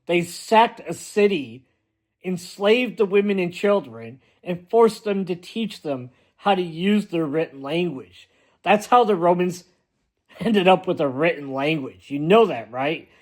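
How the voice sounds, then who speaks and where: A man's voice: high-pitched, animated, unhurried. A man delivering a blunt, emphatic ranting monologue as a vlogger, often repeating himself for force.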